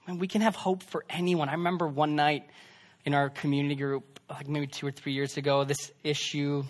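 High-voiced young pastor preaching conversationally. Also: male voice, level tone, brisk. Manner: conversational preaching, swings between loud emphasis and hushed asides. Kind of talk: sermon.

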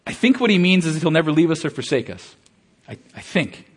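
A man's voice: fairly high pitch, very animated, brisk, slightly rough. A middle-aged man, a pastor, giving an earnest, conversational sermon with self-deprecating asides and frequent fillers.

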